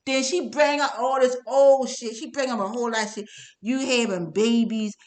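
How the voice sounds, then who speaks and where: A middle-aged woman with a noticeably high voice tells her personal story off the cuff. She rambles, stammers, swears freely and keeps checking in with tag questions. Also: brisk. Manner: rambling and profane, with many stammers, filler sounds and tag questions. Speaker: testimony speaker.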